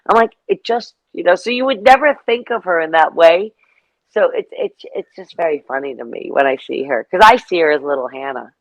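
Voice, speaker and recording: A middle-aged woman talking casually as an interview guest, telling animated stories with lots of asides. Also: lowish voice, brisk, dry recording, lo-fi sound. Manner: chatty, storytelling, animated asides.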